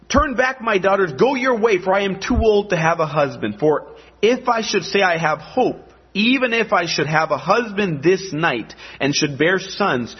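Husky man preaching a sermon. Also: high-pitched, lo-fi sound. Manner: conversational preaching with dramatic asides. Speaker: pastor.

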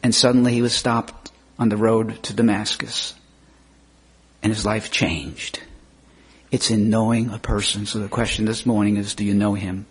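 A man preaching a sermon, slow and measured, with rising emphatic questions, often clearing his throat. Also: on the low side, steady tone.

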